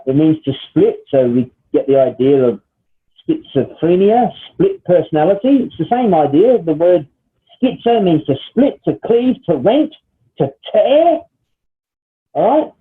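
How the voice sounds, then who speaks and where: Guy teaching a bible lesson, fairly high voice, keeps asking "okay?", phone-thin audio. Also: sing-song, measured pace. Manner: explanatory, checks in with "all right?" and "okay?". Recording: tinny phone-like sound.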